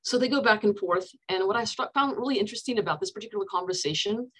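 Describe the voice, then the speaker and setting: Woman counselor hosting a relaxed book talk on a video call, mid-pitched, slips into quoted lines as she retells scenes. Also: fast talker, husky, rough recording. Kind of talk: casual book discussion.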